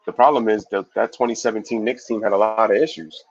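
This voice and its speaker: A man hosting a casual live sports stream, reading viewer comments aloud and giving shout-outs in a loose, slangy way. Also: on the low side, quick pace, dull audio. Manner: loose, slangy, animated opinions.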